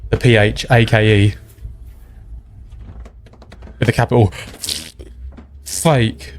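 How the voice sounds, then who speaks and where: A man's voice: fairly low pitch, little pitch movement, unhurried, slight background noise. A young man giving loose, chatty reaction commentary, calling everyone mate. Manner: chatty, calls people mate, rambling asides. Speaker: reaction video host.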